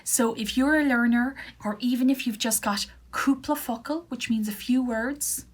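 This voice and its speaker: A woman with an Irish accent teaching beginner Irish phrases, slowly repeating each one for learners at home. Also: a little high. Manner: slow careful repetition of phrases. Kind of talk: beginner Irish language lesson. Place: at home for an online video.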